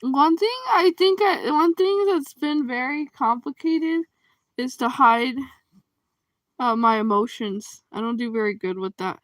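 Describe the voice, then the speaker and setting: A woman hosting a casual livestream chat, reacting to comments, expressive and quick to laugh. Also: high voice, no room sound.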